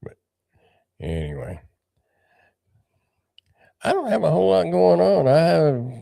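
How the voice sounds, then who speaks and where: A man's voice: fairly high pitch, huge pitch swings, takes it slowly, creaky, dark tone, no room sound, clean studio sound. An older man hosting a casual livestream, rambling and greeting viewers by name. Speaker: livestream host.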